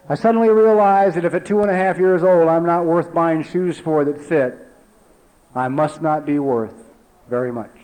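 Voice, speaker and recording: A man in his forties telling a personal recovery story at a meeting, talking conversationally with lots of "you know" and dropping low and quiet for emphasis. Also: poor audio. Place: meeting hall.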